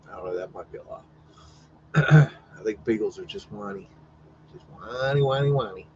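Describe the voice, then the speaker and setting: A man's voice: fairly low pitch, normal speed, long pauses, darkish tone, muffled recording, a little hiss or hum. A man hosting a casual live stream, commenting on old photos in a rambling, profane, wondering way. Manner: rambling, profane, wondering aloud, teasing his dog.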